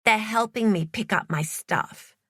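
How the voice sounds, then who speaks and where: A woman's voice: medium pitch, unhurried, fairly bright tone, slightly rough, no echo, clean studio sound, pitched above the performer's own voice. Tense, frightened young woman, short clipped replies, read by a woman narrator.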